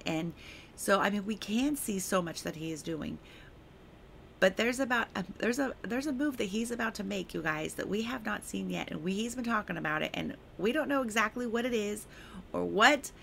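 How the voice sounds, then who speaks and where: A woman's voice: medium pitch, vocal fry, pushed and bright, a little hiss or hum. A woman hosting a devotional podcast who reads a prophetic word aloud and then talks about it informally. She speaks emphatically and repeats her key phrases with fervour. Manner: emphatic and repetitive, fervent; chatty and informal in her own remarks. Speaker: podcast host sharing prophetic words.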